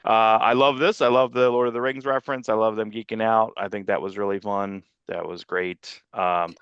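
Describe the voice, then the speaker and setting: A man's voice: on the low side, fairly even intonation, normal speed, fairly bright tone, clear, resonant tone, no room sound, muffled recording. A man co-hosting a comics podcast, chatting casually and rambling through a movie review, often restarting his sentences. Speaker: podcast co-host.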